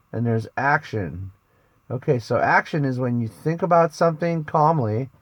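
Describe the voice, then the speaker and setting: A man's voice: fairly high pitch, no echo. A man who works as a spiritual coach, giving a casual motivational talk to camera, emphatic and preachy, repeating phrases for stress.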